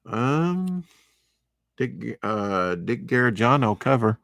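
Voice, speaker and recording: A man's voice: medium pitch, very animated, slow pace, creaky, a bit bright, dry recording. A man giving casual, rambling commentary while unboxing comic books, with chatty, opinionated asides. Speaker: comic book vlogger.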